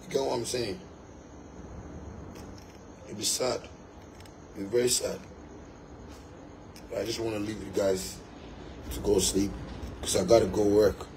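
A man's voice: on the low side, noisy background. A young Ghanaian man, a musician, delivering a fiery, emphatic monologue to his fans, repeating his points and slipping into pidgin.

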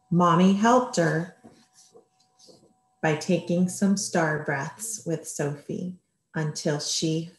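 A woman teacher giving a gentle distance-learning lesson to young children. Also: on the low side, echoey room. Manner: gentle, slow, speaking to small children.

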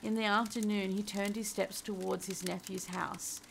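A woman reading a classic story aloud as a cosy ASMR bedtime tale, soft and gentle, giving the characters their lines. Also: mid-range voice, level tone, moderate pace, vocal fry, noisy background.

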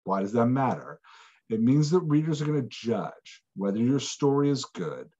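A man hosting a solo podcast, explaining writing craft in an animated, emphatic way with playful asides. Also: medium pitch, normal speed, breathy edge, lo-fi sound. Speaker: podcast host.

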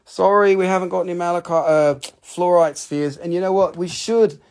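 A man hosting a live rock and mineral sale, chatting casually. He talks fast, rambles with excitement and swears freely. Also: sits high. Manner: talks fast when showing items. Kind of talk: live sales stream, casual chat.

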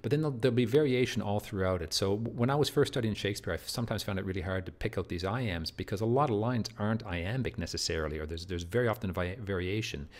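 A man with a fairly low voice gives a recorded literature lecture. He talks in loose, searching phrases, often repeats and restarts words, and keeps checking in with his listeners. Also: fast talker, few pauses.

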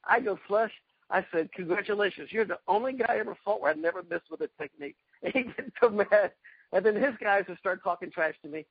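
A man from South Carolina, a retired karate champion, telling lively anecdotes in a casual interview and acting out the voices of people he quotes. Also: high voice, fast, gravelly, husky, no room sound, lo-fi sound.

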